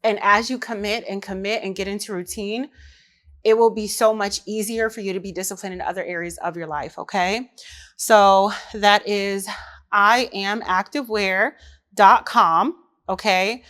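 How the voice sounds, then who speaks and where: A woman, a mother, hosting her own podcast in casual chat, talking lively and straight to the women listening. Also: medium pitch, moderate pace. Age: adult mother. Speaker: podcast host.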